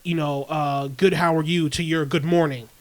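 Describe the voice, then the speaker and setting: A man co-hosting a podcast in casual chat, talking in an animated, self-mocking, profane way. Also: on the high side, normal speed. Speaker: podcast co-host.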